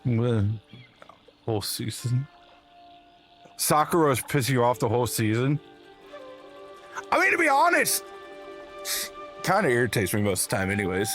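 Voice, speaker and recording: A man hosting a live gaming stream, chatting casually with viewers and laughing at himself in a playful, animated way. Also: mid-range voice, moderate pace, pauses often, soft background music. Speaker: livestream host. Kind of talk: casual chat while gaming.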